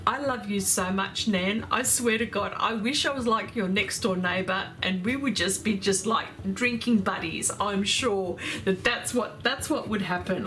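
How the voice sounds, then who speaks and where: A woman, hosting an art livestream in casual chat, effusive and quick to laugh while reading viewer comments aloud. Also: mid-range voice, pushed and bright.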